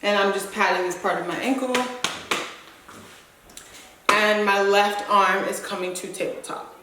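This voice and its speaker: A woman dance instructor teaching stepping, counting the moves aloud in a brisk, rhythmic way. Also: mid-range voice, fairly even intonation, recorded from a distance, noisy background. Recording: echoey room, voice off-mic, loud stomping and claps.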